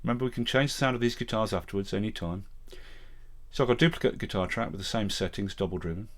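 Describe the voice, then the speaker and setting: A man with an English Midlands accent who teaches music production, talking step by step through a screen-recorded software tutorial. He speaks in a plain, matter-of-fact way into a close vocal mic in a home studio. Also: lowish voice, fast talker. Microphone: vocal mic set up close and loud.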